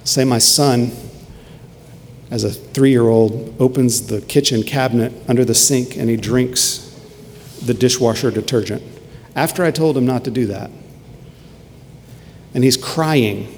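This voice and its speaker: A man's voice: medium pitch, a little slow, pauses often, darkish tone. Earnest man preaching in a reverberant hall. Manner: earnest, emphatic preaching with repeated phrases. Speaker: pastor. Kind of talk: sermon. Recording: long reverb with faint ambient noise.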